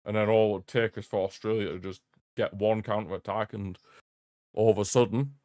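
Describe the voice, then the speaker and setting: A young man with a lowish voice talks through a football match for his stream, mixing running commentary with rambling banter. He laughs easily and circles back to repeat his own lines when something amuses him. The sound is close and dry, with no room echo, as from a desk microphone. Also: steady tone, fairly quick, mellow. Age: young adult. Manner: chatty, laughs often, repeats himself, jokey rants. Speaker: streamer hosting a football watch-along. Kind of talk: live match commentary and casual chat. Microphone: streaming desk mic.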